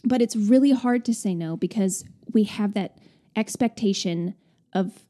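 A woman co-hosting a casual advice podcast, chatty and expressive, working through a topic with her co-host. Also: mid-range voice, a little slow. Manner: chatty and expressive, with laughs and sighs.

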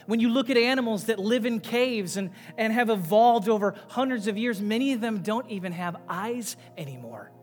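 A male pastor preaching a sermon, swinging between loud, emphatic passages and quiet, low asides. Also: animated, normal speed, few pauses. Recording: long reverb with faint music behind.

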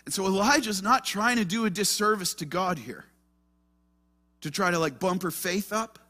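An earnest male pastor delivers a sermon, pressing his points with rhetorical questions. His voice sits high and rings bright and forceful. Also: moderate pace, faint music behind.

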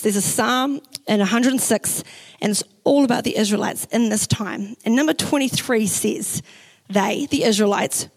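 A young woman pastor from New Zealand with a New Zealand accent, preaching a sermon in a chatty, animated way and acting out the quotes in her stories. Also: fairly high pitch, creaky, rough recording. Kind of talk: sermon with personal story. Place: church.

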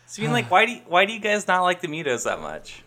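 A man who is a guest on a podcast, chatting casually, curious and quick to laugh. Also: high voice, huge pitch swings, bright, forceful tone. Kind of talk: casual chat.

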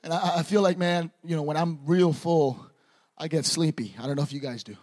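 A young man preaching a sermon, swinging from quiet storytelling to shouted preaching. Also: fairly high pitch, fairly quick.

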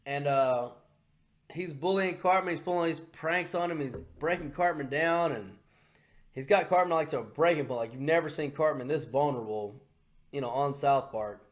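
Male podcast host, casual profane chatter, animated rambling delivery, slightly high voice. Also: normal speed.

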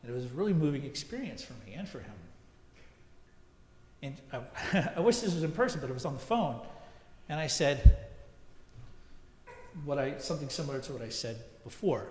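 A man's voice: medium pitch, expressive, moderate pace, pauses often, darkish tone. A man preaching a sermon as pastor, telling a story in a conversational way with frequent asides. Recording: echoey church hall.

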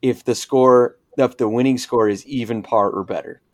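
A man's voice: medium pitch, normal speed, a little mellow, no echo. Joking guy on a podcast, laughs easy, dead dry close-up mic sound. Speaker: podcast co-host. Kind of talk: casual chat.

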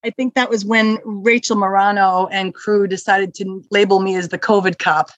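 A woman who manages hospital security, chatting as a podcast guest and telling stories with lively acted-out quotes. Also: mid-range voice, normal speed, dry recording, highs cut off. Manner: lively storyteller who acts out quoted exchanges. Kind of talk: casual interview chat.

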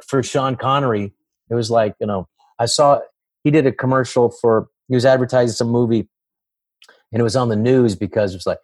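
A man's voice: medium pitch, a little mellow, no echo. A man, a comedian and actor, chatting as a guest in an interview, rambling and acting out voices. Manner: rambling, many restarts, acts out voices. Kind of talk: casual interview chat.

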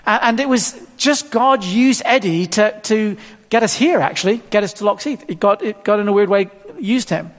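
A man's voice: high voice, lively intonation, moderate pace. A man in his fifties preaching a sermon in a church hall, chatty and self-deprecating, often stumbling and repeating words. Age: 50s. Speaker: pastor. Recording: long hall reverb.

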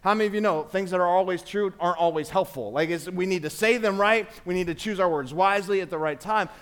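Pastor, male, 40s, high voice, casual preaching style that calls on the congregation. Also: fast talker, fairly bright tone, smooth. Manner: conversational preaching with call-and-response. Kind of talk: sermon. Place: church sanctuary.

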